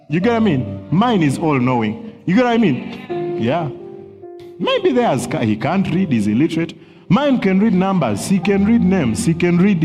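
A man teaching on prophecy in a sermon style, earnest, chuckling often and repeating words as he searches for them. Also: high-pitched. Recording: long hall reverb with faint music.

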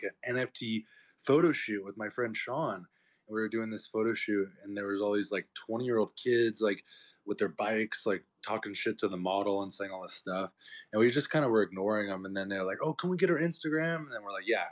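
A man's voice: fairly low pitch, brisk. A man who fights MMA, talking as a podcast guest, telling a story casually, with lots of fillers, and acting out the people he quotes. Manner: animated, acts out quoted voices, filler-heavy.

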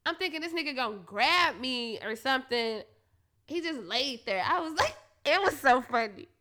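A woman's voice: sits high, normal speed. A woman, candidly telling a profane story to her listeners, often laughing. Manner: profane, laughing, animated retelling.

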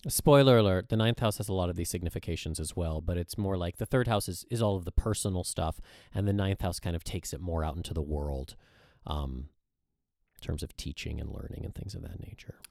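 A man with a low voice co-hosts a relaxed podcast chat. He is playful and teasing, and he explains ideas at length. The sound is dry and close. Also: a little fast, vocal fry, no echo. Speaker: podcast co-host. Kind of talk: casual chat about astrology.

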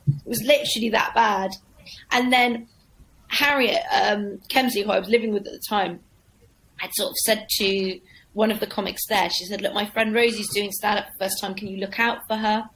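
A woman's voice: mid-range voice, normal speed, a little hiss or hum, poor audio. A woman comedian telling an anecdote in a casual interview, acting out the people she describes. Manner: lively storyteller acting out voices. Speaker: comedian guest.

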